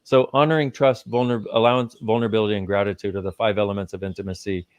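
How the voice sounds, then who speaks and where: A man's voice: on the low side, level tone, quick pace, clear, resonant tone, dry recording, dull audio. A man speaking as a guest in a live conversation, teaching with emphasis and casual swearing.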